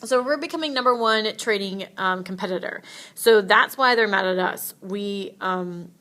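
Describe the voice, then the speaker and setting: A woman's voice: medium pitch, moderate pace, sharp tone. A woman teacher giving a casual, chatty history lecture with playful asides.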